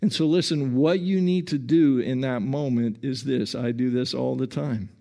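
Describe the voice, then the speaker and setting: A male pastor preaching a sermon in a calm, earnest way, often saying "listen" and repeating himself with small restarts. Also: mid-range voice, normal speed, vocal fry. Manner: frequent small restarts and stammers.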